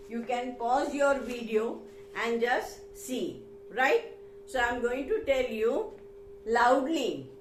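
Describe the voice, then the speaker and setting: A woman teaching a grammar lesson, slow and deliberate, repeating key words and sometimes explaining in Hindi. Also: high-pitched, echoey room, slight background noise, rough recording. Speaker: English teacher.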